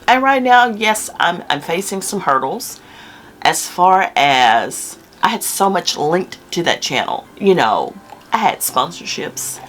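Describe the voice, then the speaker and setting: An older woman talking to her viewers in an emotional vlog, swinging between hushed lines and emphatic ones. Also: low voice, slight background noise. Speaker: YouTube content creator.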